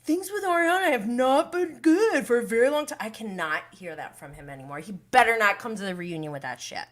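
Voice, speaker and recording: A woman's voice: fairly high pitch, lively intonation, brisk. A young woman hosting a casual recap livestream, emotional and outspoken, swearing freely as she reacts. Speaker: reality TV recap host.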